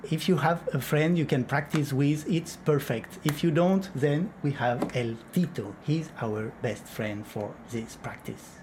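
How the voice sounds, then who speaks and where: A man explaining flamenco clapping in a patient tutorial, counting and chanting the beats as he goes. His voice sits a little high for a man. A clear hiss of noise runs under the recording. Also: a little slow, hardly any pauses. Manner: counts beats aloud and sings syllables. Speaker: flamenco rhythm teacher.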